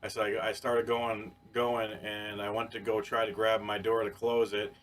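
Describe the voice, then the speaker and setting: Low-voiced man telling a rambling story. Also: normal speed. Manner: animated, profane, rambling with many restarts. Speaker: podcast co-host. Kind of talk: casual storytelling.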